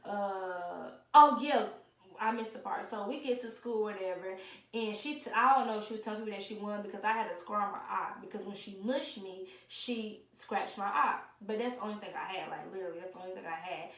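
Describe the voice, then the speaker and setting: A young woman, casually telling a story and loudly acting out the people she quotes. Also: medium pitch, brisk, distant mic. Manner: animated, acts out quoted voices loudly. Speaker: vlogger. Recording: echoey room, away from the mic, faint noise.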